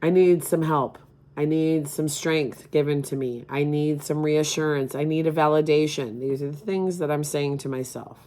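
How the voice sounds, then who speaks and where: A middle-aged woman speaking as a grieving mother, emotional and halting, near tears at times. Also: sits low, fairly even intonation, a little mellow. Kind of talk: personal appeal to camera.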